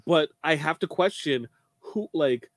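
A man's voice: fairly high pitch, animated, a little slow, a bit bright, no echo. A man co-hosting a casual podcast chat, stressing his points and repeating them. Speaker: podcast co-host.

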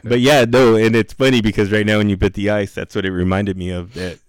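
A man's voice: on the low side, level tone, brisk, smooth, no room sound, clean studio sound. A man co-hosting a podcast, chatting casually, laughing often and swearing while he teases his friend. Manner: laughing, profane, teasing banter. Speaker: podcast co-host. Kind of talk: casual chat.

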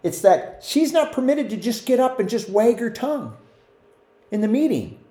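A man's voice: extremely high pitch, very animated, normal speed, mellow. A man teaching a conversational Bible study, often asking his listeners questions and acting out quotes. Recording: roomy echo.

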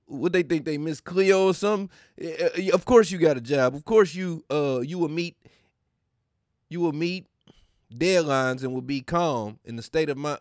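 A man's voice: on the high side, big pitch swings, measured pace, darkish tone, dry recording, clean studio sound. A man hosting a podcast in a casual, profane rant, mocking and often laughing. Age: adult. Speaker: podcast host.

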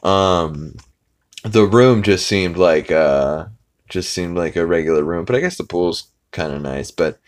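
A man with a deep, low voice hosts a casual podcast and recaps an episode in a rambling way. He fills his talk with "uh"s and restarts, and drops swear words freely. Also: animated, unhurried. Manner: rambling with many fillers and swearing. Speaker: podcast host.

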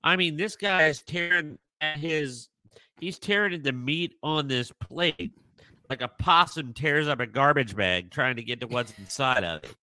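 A man's voice: a little high, measured pace, bright, forceful tone, no echo. A man co-hosting a casual podcast chat, playful and laughing often as he talks. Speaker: podcast co-host.

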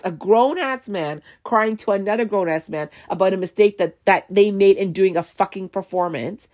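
A woman's voice: medium pitch, moderate pace, hardly any pauses, a little mellow. A woman hosting a solo podcast, ranting heatedly and swearing a lot. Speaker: podcast host.

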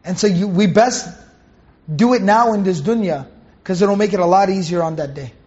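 A man's voice: high voice, moderate pace, a little mellow, lo-fi sound. A man giving a Quran commentary lesson, patiently explaining Arabic terms and correcting himself as he goes. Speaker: Quran teacher.

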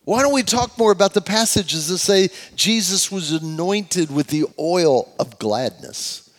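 A man's voice: high-pitched, animated, unhurried. Older male preacher, echoing church. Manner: leads congregation in call-and-response, swings from loud preaching to soft asides. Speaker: pastor. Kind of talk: sermon. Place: church sanctuary. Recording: church hall with long reverb.

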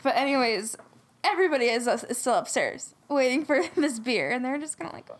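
A woman's voice: sits high, sing-song, fairly quick. A young woman casually retelling a story, rambling with lots of fillers and asides. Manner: rambling, full of "like", laughing while retelling. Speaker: storyteller retelling a folk tale. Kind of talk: casual chat.

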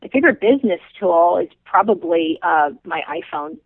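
A woman's voice: lowish voice, sing-song, normal speed, vocal fry, slightly rough, no echo. A woman guest tells her story with passion and emphatic repetition. Her voice comes through a tinny phone connection. The sound is dry, with no room around it. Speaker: business owner guest. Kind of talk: podcast interview, emotional storytelling. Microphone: phone call.

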